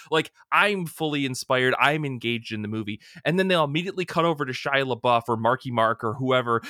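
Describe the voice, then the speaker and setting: A man co-hosting a podcast, retelling scenes in an animated, enthusiastic way. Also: medium pitch, fairly quick, hardly any pauses, no room sound, studio quality. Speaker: podcast co-host. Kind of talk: casual podcast chat.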